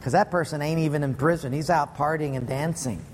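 A man's voice: fairly high pitch, brisk, long reverb tail, slight background noise. A man preaching a sermon, telling stories in a punchy, playful way. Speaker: pastor.

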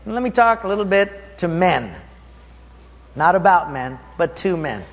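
A man's voice: high voice, big pitch swings, normal speed. A pastor preaching a sermon, telling a story from his own life and acting it out with energy. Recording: long hall reverb.

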